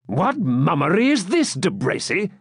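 A man's voice: sing-song, normal speed, no room sound, clean studio sound. A man voicing a scheming, angry medieval Norman noble who speaks sharply and impatiently. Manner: sharp and impatient, voice raised higher.

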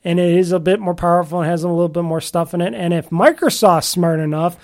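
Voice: medium pitch, steady tone, fast talker, a little mellow. A podcast host in a casual solo chat about games, rambling and often restarting sentences, with an offhand, mildly grumbling manner.

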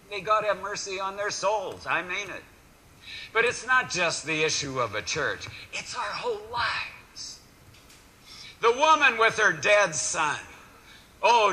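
A male pastor giving a lively sermon, acting out voices and swinging between loud and quiet. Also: high voice, low-quality recording.

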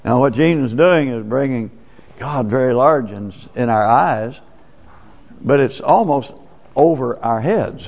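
A man, a pastor, delivers a folksy, plain-spoken, conversational sermon in a church sanctuary. His voice is medium-pitched, expressive and gravelly, a little slow, and the church recording is dull and lo-fi with long reverb.

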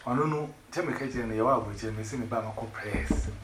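A man's voice: mid-range voice, fast talker. Rambling man, echoey noisy room. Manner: rambling, excitable, jumps between languages. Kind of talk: casual chat in pidgin English and Twi. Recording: echoey room with loud background noise.

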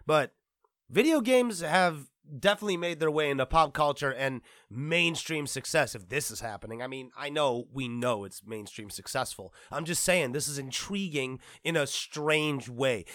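A man's voice: fairly high pitch, expressive, normal speed, a bit bright, no echo, clean studio sound. A man hosting a gaming commentary show, ranting casually and profanely with lots of restarts.

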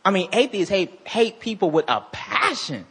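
Man, pastor, sermon, high bright voice, slightly husky, lively slangy delivery. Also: normal speed. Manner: animated, conversational preaching with slang and restarts.

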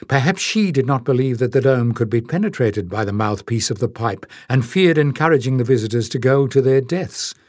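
A male audiobook narrator telling a fantasy story in a steady, even way. His voice sits at a middle pitch, and the recording is dry and close with no room sound. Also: no echo. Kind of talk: scripted narration.

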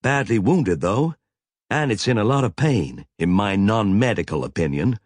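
A man voicing a stern, commanding woman starship captain who snaps sharp orders, raising his pitch well above his own. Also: expressive, normal speed, no echo, studio quality.

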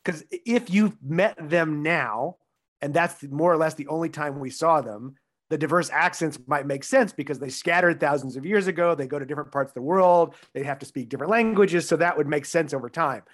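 A man co-hosts a casual film review podcast, talking in a measured, explanatory way. His voice sits a little high for a man. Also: fairly bright tone. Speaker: podcast co-host.

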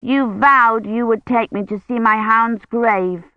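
A woman's voice: fairly high pitch, takes it slowly, dry recording, voice pushed up. A woman doing a whiny little girl. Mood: pleading. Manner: pleading, tearful. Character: small whiny willful girl. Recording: tinny phone-like line.

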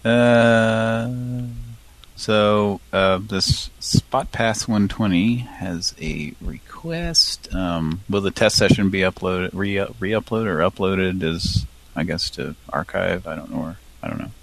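A man's voice: sits low, slow, creaky. A man co-hosting a live stream, chatting casually and rambling with lots of fillers and restarts. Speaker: co-host of a live prank-call stream.

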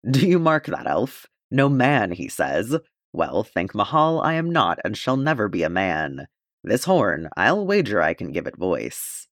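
A gruff, boisterous dwarf warrior who booms his words, as a male reader puts him on. His lines rise high and loud against the reader's usual low voice, recorded dry. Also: big pitch swings, measured pace, no echo. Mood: exultant.

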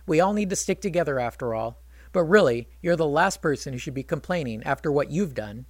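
A man's voice: on the high side, expressive, a little fast, dry recording. Indignant storybook warrior prince, lecturing and arguing, read by a man. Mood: defensive. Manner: argumentative, lecturing.

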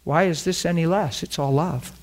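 A man's voice: on the high side, moderate pace. A middle-aged man preaching a sermon, telling a story and acting out the dialogue.

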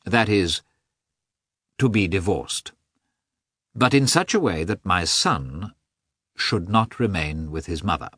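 Man reading as stiff formal official, measured, emphasizing words, low voice. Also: animated, fairly bright tone, breathy edge, no echo, clean studio sound, exaggerated voice. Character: squeaky-voiced stiff middle-aged male official.

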